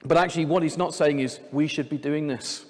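Male preacher, slightly high voice, chatty sermon style with light humor, live in a church with a long hall echo. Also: fairly even intonation, brisk, a little mellow. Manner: conversational, with light jokes. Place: church sanctuary.

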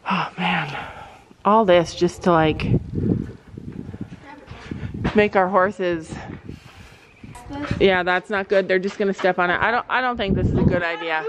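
A woman's voice: lowish voice, normal speed, background noise. A woman vlogging casually at a horse barn, chatting to her viewers and cooing praise at her horses. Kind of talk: casual vlog chat.

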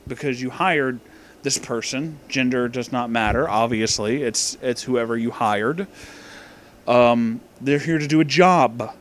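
A drunk movie reviewer rambles through a profane, meandering commentary from his office, often losing his place. His voice is mid-range and unhurried.

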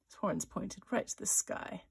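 A woman author-illustrator leading a children's drawing tutorial, thinking aloud as she sketches and chatting playfully. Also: a little slow. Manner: voices little sound effects for her drawings.

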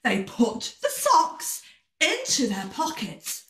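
A woman reading a storybook aloud to children in an animated, sing-song way, with gasps and sound effects. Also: high voice, slow, reverberant, recorded from a distance.

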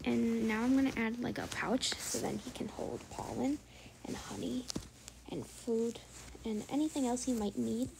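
A woman casually narrating her drawing process, hesitant with many fillers and often dropping to a soft whisper. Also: fairly high pitch, steady tone, normal speed, creaky, background noise. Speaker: drawing channel host.

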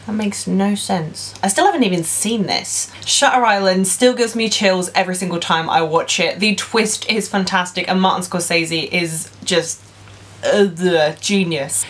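A woman's voice: medium pitch, a bit bright. Gushing young woman film vlogger. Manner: gushing, enthusiastic, playfully sarcastic. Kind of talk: casual vlog.

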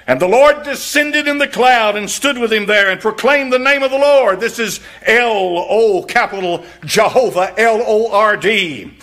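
A man preaching a fiery sermon, reading scripture softly and then shouting, repeating words for emphasis. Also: high-pitched, a little slow, hardly any pauses. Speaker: pastor.

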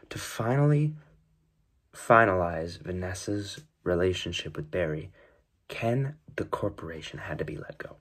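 Low husky man reading an essay. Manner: earnest, mock-serious argument. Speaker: video essayist. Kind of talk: scripted video-essay narration.

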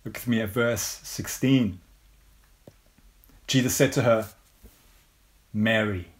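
Slow, measured English preacher man. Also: on the low side. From England. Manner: measured, unhurried preaching with frequent rhetorical questions. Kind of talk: sermon.

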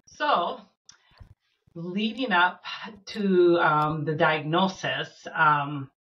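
A middle-aged woman from Minnesota telling a personal story as a podcast guest, earnest and halting with fillers and restarts. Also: lowish voice, fairly bright tone, dull audio.

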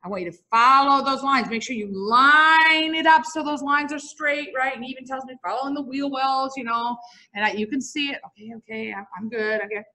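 Bright, high-voiced bouncy woman teacher. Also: brisk. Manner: lively, bouncy, quizzes the audience. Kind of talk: classroom lecture with storytelling. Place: classroom before students.

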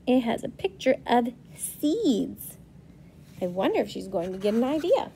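A preschool teacher reads a picture book aloud to young children, slowly and in a lively way, asking them questions as she goes. Her voice is on the high side, with slight background noise.

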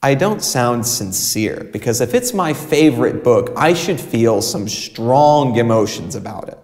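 A male teacher presents a recorded English writing lecture with an animated, swooping voice. He uses dramatic pauses and shifts of emphasis to keep things expressive. The sound carries a long, hall-like reverb. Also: medium pitch. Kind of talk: video lecture.

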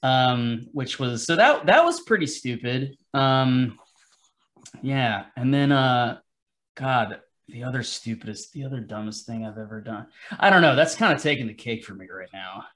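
A man's voice: medium pitch, animated, normal speed, a bit bright. A man who is a podcast guest, chatting casually and rambling, with a self-deprecating streak and free swearing. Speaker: podcast guest, comic artist.

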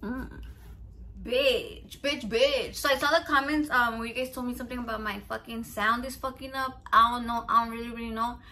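Cooking at home, this vlogger in her thirties has a slightly high, bright, forceful voice with fairly even intonation and a moderate pace. Slight background noise sits under her rambling, profane stories, which mix Spanish words into English in casual cooking chat.

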